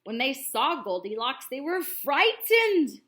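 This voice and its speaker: Animated woman reading a picture book aloud. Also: high-pitched, slow pace. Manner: animated, chatty asides to children. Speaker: teacher reading to children.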